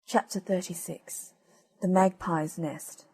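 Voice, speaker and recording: Woman, audiobook narrator, fairy tales, mellow, husky, gentle measured reading. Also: lowish voice, fairly even intonation. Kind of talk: storybook reading.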